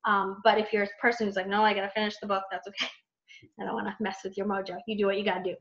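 A woman's voice: mid-range voice, racing. Chatty woman coach on a muffled call. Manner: chatty, animated, many fillers and quoted self-talk. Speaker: team coach leading a training call. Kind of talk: casual training talk.

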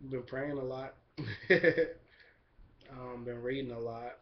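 A young man giving a relaxed, rambling video update, full of fillers and shout-outs. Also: medium pitch, slow pace, a little hiss or hum. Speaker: vlogger. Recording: dull lo-fi camera recording.

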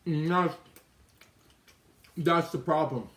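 A man's voice: on the high side, slow, fairly bright tone, echoey room. A man hosting a live stream, chatting casually with his mouth full and answering viewer comments. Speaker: livestream host eating on camera. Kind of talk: casual live-stream chat while eating. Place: indoor kitchen with oven and microwave.

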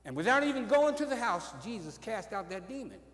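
Male pastor, sermon, high voice, lots of "amen", booming then hushed, long church reverb. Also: sing-song, brisk. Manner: swings from loud high exclamations to low quiet storytelling; punctuates phrases with "amen". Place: church sanctuary. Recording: echoey church hall.

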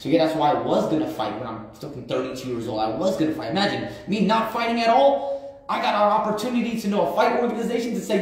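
A man's voice: high-pitched, fast. A man in his thirties talking casually on a livestream, blunt and profane, with street slang and lots of repetition. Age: 30s. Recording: very echoey room.

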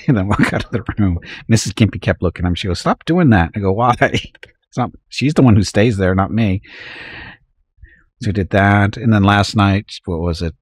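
A man with a low voice streams a strategy game, wandering through a story about home with frequent chuckles before talking through his moves. The recording has no echo.

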